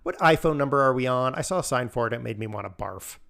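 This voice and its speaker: A man's voice: medium pitch, lively intonation, fast talker, vocal fry, fairly bright tone. Chatty male game streamer. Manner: rambling, chatty, laughs often, answers chat. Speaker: live streamer. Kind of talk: casual live-stream chat while gaming.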